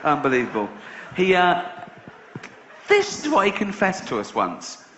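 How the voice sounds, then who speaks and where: This English comedian has a high-pitched, fairly bright voice with huge pitch swings and talks a little slowly, telling stories with acted-out voices and bursts of laughter. His set is on a large theatre stage before a live audience, in a roomy, muffled recording with slight hiss or hum and audience laughter.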